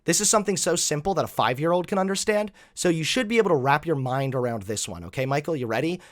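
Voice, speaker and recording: A man hosting reaction commentary, animated, mocking and profane. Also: fairly high pitch, quick pace. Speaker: host.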